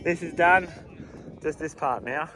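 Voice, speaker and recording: Joking concreter on a noisy site. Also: male voice, on the high side, unhurried, fairly bright tone. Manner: joking, banters with workers, swears freely. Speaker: concreter filming his crew. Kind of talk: casual on-site vlog chat. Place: outdoors on a building site. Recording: handheld camera outdoors with noisy background. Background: site machinery and outdoor noise.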